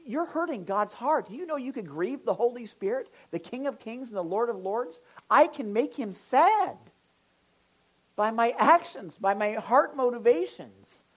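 A woman pastor preaching a sermon in an animated way, now and then acting out the voices of people in the pews. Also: a little high, measured pace, breathy edge, dull audio. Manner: animated, acts out congregants' voices.

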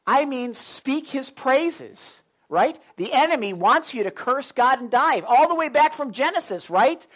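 Animated male preacher. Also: very high-pitched, a little slow. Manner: animated storytelling, acts out his own thoughts. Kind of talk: sermon.

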